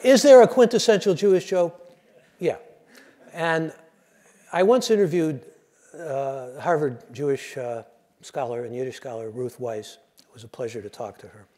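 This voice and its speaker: Mellow-voiced man telling jokes in a lecture. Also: medium pitch, moderate pace. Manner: conversational, digressive, relaxed joke-telling. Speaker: public radio host giving a lecture.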